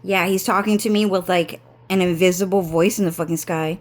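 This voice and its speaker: A woman's voice: fairly low pitch, steady tone, brisk. A young woman with a congested, runny nose, telling a rambling story that is full of swearing, fillers and restarts. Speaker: vlogger.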